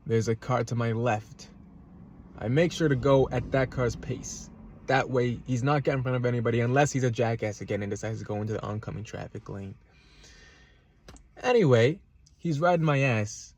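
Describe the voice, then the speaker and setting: A man's voice: mid-range voice, moderate pace, darkish tone. Agitated man ranting in a parked car. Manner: agitated, swearing, repeats himself. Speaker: vlogger. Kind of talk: casual storytelling rant. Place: parked car in a parking lot.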